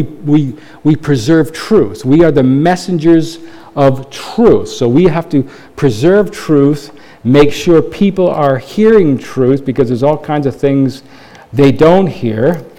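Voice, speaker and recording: Mellow-voiced male pastor preaching conversationally. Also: fairly high pitch. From Canada. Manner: conversational preaching with rhetorical questions and emphatic rises. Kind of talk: sermon.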